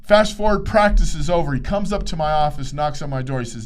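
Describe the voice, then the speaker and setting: A man's voice: fairly high pitch, a little fast. A man hosting a motivational podcast, telling a story and acting out the dialogue. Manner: animated, acts out quoted dialogue. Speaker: podcast host, sports psychologist.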